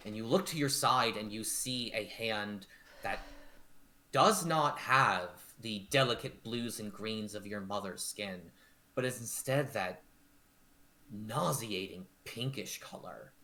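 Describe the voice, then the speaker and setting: A man narrating a tabletop game as game master, animated and full of fillers. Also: fairly low pitch, takes it slowly.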